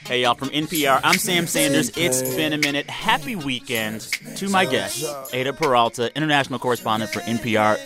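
A man's voice: mid-range voice, a little fast, hardly any pauses, music in the background. A man from Texas hosting a radio talk show, chatting casually and playfully and laughing often. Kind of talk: casual chat.

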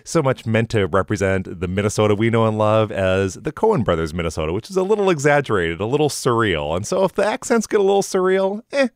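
A man's voice: fairly low pitch, fast talker, hardly any pauses, dry recording, clean studio sound. A man co-hosting a podcast, chatting casually with wry jokes. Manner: wry, joking, animated. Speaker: podcast co-host. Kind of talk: casual chat.

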